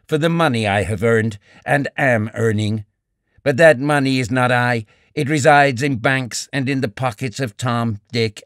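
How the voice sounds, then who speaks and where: A man voicing a bitter young male writer who argues in a cool, measured way, read in an audiobook. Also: medium pitch, fairly bright tone, no echo, clean studio sound, natural voice. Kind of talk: audiobook character reading.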